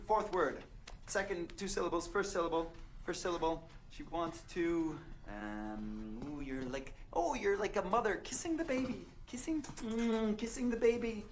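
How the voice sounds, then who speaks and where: A man's voice: high-pitched, a little hiss or hum. An actor playing a flustered male fiancé in a comedy film, stammering and guessing in a rush, with many fillers. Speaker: groom-to-be.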